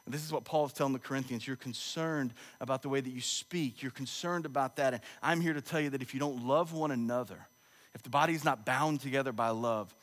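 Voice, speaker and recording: Preaching in a big church sanctuary, a pastor in his thirties speaks a little fast in a slightly high, fairly bright voice. He tells humorous stories conversationally, and each phrase trails off in the hall's long reverberation.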